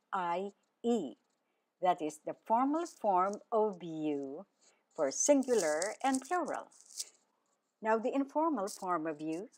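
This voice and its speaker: Woman, radio language teacher, slow deliberate delivery, lively rising and falling pitch, spells and repeats words.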